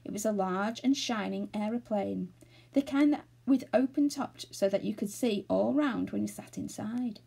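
A woman reading a children's novel aloud, steady and expressive. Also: mid-range voice, moderate pace, creaky, slightly rough. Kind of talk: storybook read-aloud.

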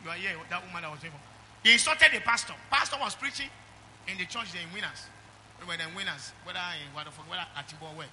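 A middle-aged Nigerian-accented man preaching a sermon in church, calling out to the congregation and swinging from loud exhortation to quiet asides. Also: high-pitched, fast talker, slight background noise. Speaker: pastor.

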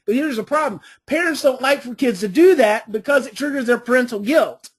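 A woman's voice: sits high, animated, fairly quick, husky. A woman giving a parenting coaching class, telling family stories and hammering points home by repeating them. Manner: storytelling with family anecdotes, emphatic repetition.

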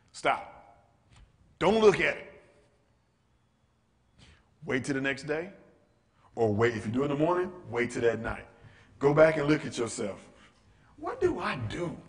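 Animated man teaching a live audience. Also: medium pitch, a little hiss or hum. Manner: animated, acts out quotes and asks rhetorical questions. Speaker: workshop speaker. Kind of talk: interactive teaching talk. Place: church room with a live audience.

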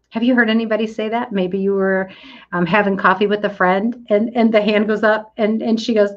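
A woman's voice: medium pitch, fairly even intonation, moderate pace. A middle-aged woman coaching listeners in a motivational talk, earnest and emphatic, speaking to them directly. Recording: dull lo-fi audio.

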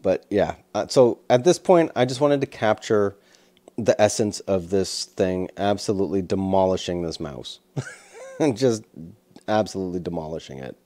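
Deep-voiced, easygoing male photographer. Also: expressive, moderate pace, warm tone. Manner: easygoing, rambling with fillers. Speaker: wildlife photographer. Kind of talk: casual commentary over photos.

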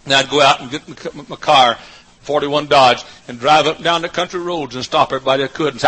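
A man preaching a sermon, going from quiet storytelling to high shouted peaks. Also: fairly even intonation, fast, rough recording. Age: older. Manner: fiery, swings from soft talk to high shouts. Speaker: pastor.

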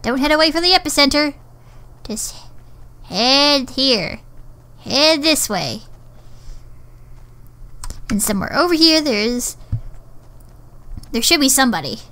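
A woman's voice: sits high, lively intonation, takes it slowly, long pauses, sharp tone. A woman talking to herself while playing a shooter game, muttering, swearing and getting exasperated. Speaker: gamer. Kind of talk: gameplay commentary.

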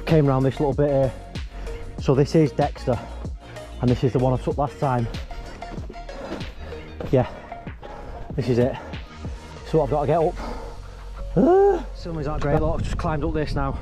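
A hiking vlogger climbs a rocky mountain outdoors, chatting breathlessly into a handheld or body-mounted action camera. His fairly high, sing-song voice moves at normal speed with frequent pauses over background music. Cold and working hard, he's chatty and self-deprecating, exclaiming as he climbs.

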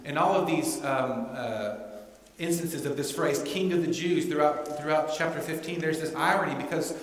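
A man's voice: on the high side, moderate pace. A man preaching a sermon as pastor, in a conversational way that keeps checking in with the congregation. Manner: conversational, often asks "right?". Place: church sanctuary. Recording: echoey church hall.

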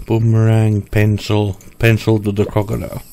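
A man's voice: on the low side, completely flat delivery, normal speed, warm tone, a little hiss or hum. A man commentating his own gameplay, talking to himself, frustrated and swearing often. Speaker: gameplay streamer. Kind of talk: let's play commentary.

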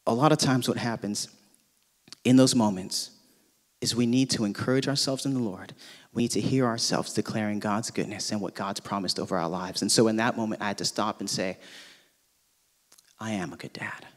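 A man in his thirties from Hawaii, a pastor telling a personal story in a casual, animated sermon with plenty of fillers. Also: lowish voice, a little fast. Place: church auditorium. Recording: long reverb from a large hall.

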